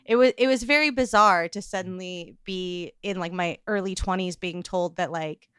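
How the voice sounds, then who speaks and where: A woman with a Midwestern accent and a lisp, chatting on a podcast with a lot of animation. Her voice is bright and smooth, and her pitch bounces around freely. The sound is close and dry. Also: normal speed, dry recording. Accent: Midwestern American. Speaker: podcast co-host. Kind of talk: casual podcast chat.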